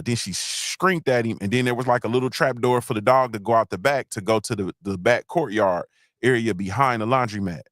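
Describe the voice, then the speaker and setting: A man hosting a casual podcast chat, rambling loosely through stories and shout-outs and often checking in with "you understand what I'm saying.". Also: medium pitch, no room sound, clean studio sound. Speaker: podcast host.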